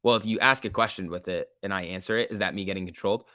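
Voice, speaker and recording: A man's voice: sits low, rapid-fire, sharp tone, no echo, clean studio sound. A man casually commenting on a livestream and reading out chat, laid-back and chatty, laughing often. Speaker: stock market livestream host.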